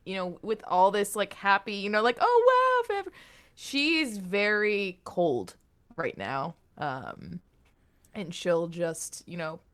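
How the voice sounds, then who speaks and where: Woman player, casual tabletop chat, animated pitch.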